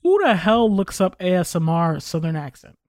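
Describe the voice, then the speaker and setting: A man's voice: high-pitched, big pitch swings, normal speed, no echo, clean studio sound. A man chatting casually on a podcast, opinionated and rambling, with frequent swearing. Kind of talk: casual chat.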